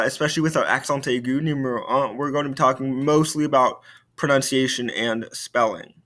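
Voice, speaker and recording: A man's voice: mid-range voice, a bit bright. A male French teacher giving a recorded video lesson, explaining patiently and repeating key points.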